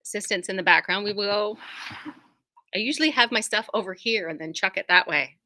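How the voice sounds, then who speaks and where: The owner of a quilt shop casually showcases fresh fabrics from within the store, rambling and poking fun at herself. She talks a little fast, her medium-pitched voice bright and forceful.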